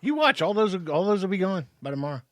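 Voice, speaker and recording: Joking co-host, dry close sound. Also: male voice, high-pitched, big pitch swings, fast talker, fairly bright tone, dry recording. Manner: joking, banters, playful. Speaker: podcast co-host. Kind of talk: casual chat. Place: studio.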